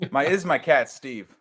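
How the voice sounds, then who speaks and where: A man's voice: fairly high pitch, bright, forceful tone, slightly rough. A young man who runs the board for a sports radio show, chatting in an easygoing, laid-back way. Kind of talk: casual radio sports chat. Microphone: studio microphone.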